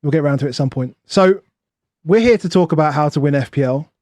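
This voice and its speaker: A man's voice: a little high, fast talker, a little mellow, dry recording. A man hosting a podcast, bantering in a friendly, jokey way. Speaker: podcast host. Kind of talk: casual podcast chat.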